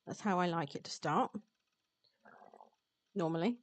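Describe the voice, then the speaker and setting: A woman VTuber reading a visual novel aloud on stream, chatty and quick to laugh. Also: on the low side, no echo. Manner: chatty, reads game text aloud, laughs often. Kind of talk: live-streamed visual novel read-along.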